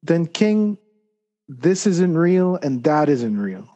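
A man voicing a calm, wise male spiritual teacher who asks gentle questions. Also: a little high, slow pace, dull audio. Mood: gently probing.

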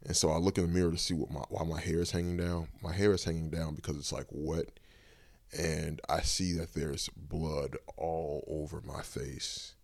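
Very deep, gravelly man telling a story. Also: flat delivery, moderate pace, darkish tone, no echo. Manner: loose, rambling retelling with many fillers. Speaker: podcast host. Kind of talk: casual personal storytelling.

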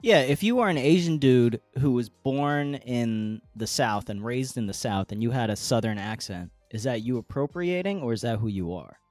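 A man co-hosting a casual podcast, tossing out deadpan jokes. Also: mid-range voice, moderate pace, few pauses, no echo, soft background music. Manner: joking, deadpan quips. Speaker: podcast co-host.

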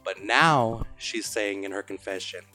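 A man's voice: on the low side, unhurried, pushed and bright, faint music behind. A man hosting a podcast, casually retelling a story with lots of swearing and quoted voices. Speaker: podcast host.

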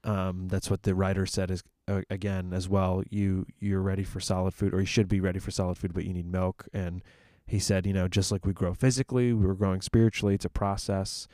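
A man's voice: low voice, little pitch movement, a little fast, few pauses, warm tone, no room sound, studio quality. A man who ministers at a church, talking through ideas about the church's purpose in a casual discussion, thinking aloud with fillers and restarts.

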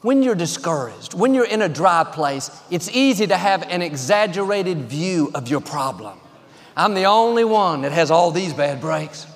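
Pastor, man, high voice, upbeat sermon cadence, reverberant hall. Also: animated, normal speed. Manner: encouraging, declarative preaching in short rhythmic phrases.

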